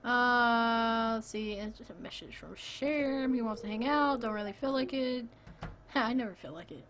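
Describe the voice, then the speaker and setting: A woman streamer chatting casually while playing, joking and quick to laugh. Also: a little high, fairly bright tone, a little hiss or hum.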